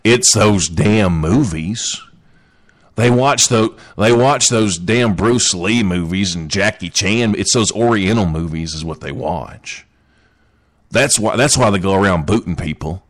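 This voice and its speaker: Man doing a put-on accent, grumbling ranter, low muttering voice. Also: a little slow, natural voice. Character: grumbling man ranting against movies.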